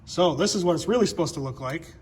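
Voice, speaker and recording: A shop vlogger talks through car repairs in his workshop garage, keeping it casual and upbeat like a how-to vlog. His voice sits on the high side with lively intonation, and he speaks fast over a very noisy background.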